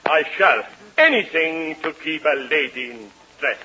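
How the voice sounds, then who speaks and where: Pompous Danish-accented opera singer. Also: male voice, fairly high pitch, unhurried. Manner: stiff, formal, deadpan jokes. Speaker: guest singer in a sketch. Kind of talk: 1940s radio comedy acting. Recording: muffled old radio broadcast.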